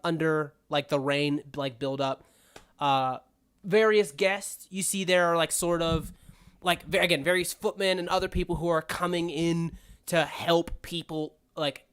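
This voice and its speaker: Rambling tabletop game master. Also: male voice, on the high side, a bit bright, smooth. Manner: rambling, lots of fillers and restarts.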